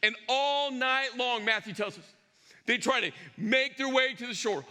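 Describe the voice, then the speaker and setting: A male pastor preaching a sermon, telling a story with lively acted-out dialogue and sometimes dropping to a hushed intensity. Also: very high voice, measured pace. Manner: animated storyteller acting out dialogue. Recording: long reverb of a large hall.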